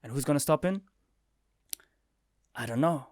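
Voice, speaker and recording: A young man chats through a review of a comic chapter, mid-pitched and excitable, bursting into quoted lines and sound effects. His voice is dry and close, with no room around it. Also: a little slow, dry recording. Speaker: manga review vlogger. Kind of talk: casual spoken review.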